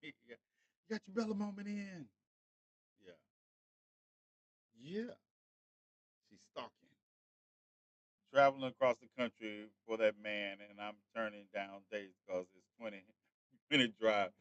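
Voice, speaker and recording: A man's voice: fairly low pitch, smooth, no room sound, dull audio. A man hosting a casual livestream, chatting straight to his viewers. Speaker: livestream host.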